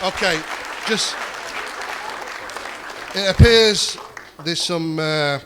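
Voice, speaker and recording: Male stand-up, a touch high-voiced, loose and profane, always talking to the room. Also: drawn-out words, over a noisy crowd, very noisy. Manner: rambling, swears freely, chats with the audience. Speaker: stand-up comedian. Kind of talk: stand-up comedy set with crowd banter.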